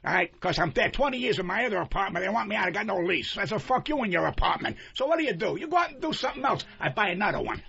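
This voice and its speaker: An older man, a comedian guest on a radio show, ranting loudly with constant swearing and yelling. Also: high voice, sing-song, very fast, vocal fry, hardly any pauses, husky. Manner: loud profane yelling rant. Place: radio studio. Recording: dull lo-fi radio broadcast with faint hiss.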